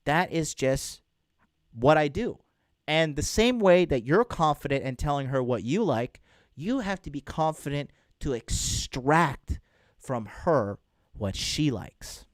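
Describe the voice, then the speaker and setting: Blunt, lively-voiced dating coach man. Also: a little high, slow pace, no room sound, clean studio sound. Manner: blunt, crude, addresses viewers as bro and man. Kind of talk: casual livestream talk reading chat.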